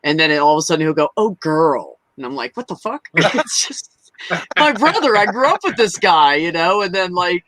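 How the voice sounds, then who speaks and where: A man's voice: high voice, big pitch swings, brisk, pushed and bright, no echo. A young adult man hosting a live open mic stream, chatting casually, laughing, swearing and mimicking his relatives as he tells stories. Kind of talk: casual chat.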